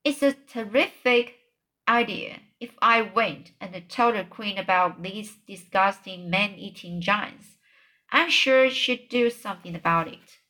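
A woman reading the lines of an excitable, bold little girl in a children's book read aloud. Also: mid-range voice, unhurried. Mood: eager.

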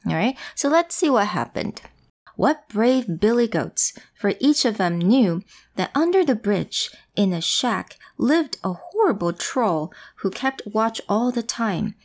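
A woman's voice: on the high side, very animated, a little slow. A woman reading a storybook to a child, playful and full of questions. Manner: playful, asks questions, switches languages. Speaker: bilingual storyteller.

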